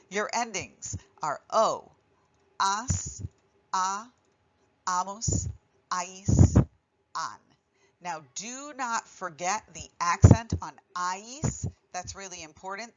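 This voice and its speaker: Lower-voiced woman teaching Spanish verbs. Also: fairly bright tone, dull audio. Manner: clear, deliberate, stresses each verb ending. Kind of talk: classroom grammar lesson.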